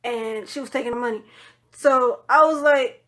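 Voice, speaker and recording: A woman telling a personal story in a casual, rambling way, blunt and swearing freely, with lots of "you know" and "like", often trailing off into a low murmur. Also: moderate pace, fairly bright tone. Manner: drops to low murmurs at the end of phrases.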